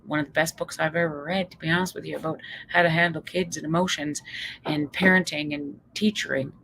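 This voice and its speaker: A woman psychologist from Canada giving a motivational talk, lively and acting out quoted voices. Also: a little fast, vocal fry, slight background noise, low-quality recording. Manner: lively, acts out quoted voices with big pitch jumps. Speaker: psychologist and speaker.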